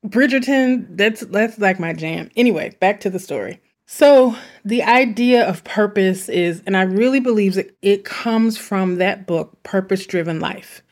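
A woman's voice: medium pitch, normal speed, few pauses. A woman hosting a self-help podcast, speaking in an earnest, chatty way with asides. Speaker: podcast host. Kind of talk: reflective self-help talk.

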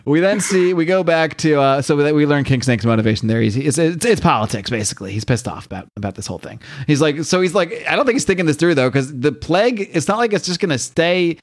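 A man's voice: on the high side, lively intonation, fast talker, few pauses. Chatty man recapping comics. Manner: laughs often, acts out quotes. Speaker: podcast co-host. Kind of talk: casual comic book recap.

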